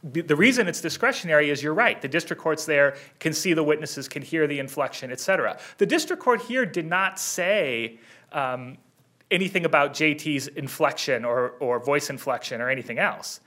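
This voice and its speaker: A man pleads his case before an appeals bench, a touch higher than most men and bright in tone. He talks earnestly and presses each point, quickening when he rebuts a question. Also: animated. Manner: earnest, persistent, fast-talking rebuttals. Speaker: defense attorney. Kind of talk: appellate oral argument.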